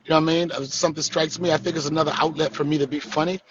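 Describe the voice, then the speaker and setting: A man's voice: fairly high pitch, fairly even intonation, rapid-fire, muffled recording, a crowd in the background. A man hosting a live stream, joking and teasing his guests in casual, profane comedic chat.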